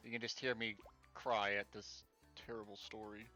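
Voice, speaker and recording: A man's voice: on the low side, little pitch movement, normal speed, sharp tone, soft background music. A male streamer reading game text aloud, breaking in with sarcastic, exasperated asides and swearing.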